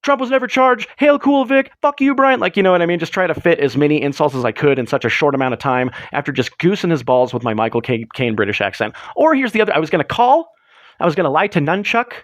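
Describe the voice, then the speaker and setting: Excitable man hosting a live stream. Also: on the high side, fast talker, no room sound, muffled recording. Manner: excitable, rambling, sarcastic. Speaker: livestream host. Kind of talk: casual live-stream chat.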